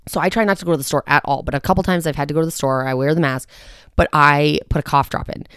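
A woman hosting a casual solo podcast from a quiet home, chatting in a rambling, self-mocking way and sounding slightly short of breath. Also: deep voice, fairly even intonation, fast talker, clear, resonant tone, no echo, studio quality. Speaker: podcast host. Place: quiet home in the early morning.

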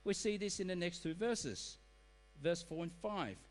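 Lively preacher in a reverberant hall. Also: male voice, high voice, unhurried. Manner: animated, acts out excuses in quoted voices. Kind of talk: sermon.

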